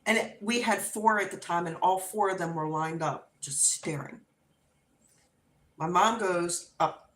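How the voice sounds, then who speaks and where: A woman's voice: lowish voice, measured pace, fairly bright tone. A woman hosting a live stream, telling a story casually and with animation, laughing and acting out voices. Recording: roomy echo.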